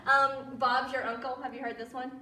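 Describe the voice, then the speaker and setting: A woman with a Southern American accent talks casually to a library audience in a fairly high voice, laughing often and turning to quiz the room. Her voice sounds roomy and echoey. It was recorded from a distant mic. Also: flat delivery, normal speed, crowd noise. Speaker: library guest speaker. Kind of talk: casual storytelling talk to an audience. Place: public library meeting room.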